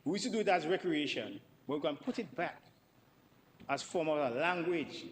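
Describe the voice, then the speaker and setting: A man's voice: fairly high pitch, expressive, normal speed, big-room sound, slight background noise, poor audio. A man giving a parliamentary debate speech, emphatic and repeating words for stress. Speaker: member of parliament. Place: parliament chamber.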